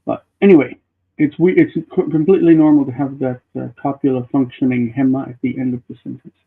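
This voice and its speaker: A man's voice: mid-range voice, steady tone, fast talker, slightly rough. A man teaching classical Hebrew grammar in a live online class, explaining at length and thinking aloud with restarts. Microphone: video call. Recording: tinny phone-like call audio.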